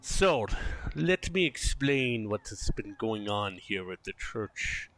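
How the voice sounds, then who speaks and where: A man running a tabletop game as game master, narrating scenes in an animated, descriptive way. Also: fairly low pitch, takes it slowly. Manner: descriptive, animated, laughs easily.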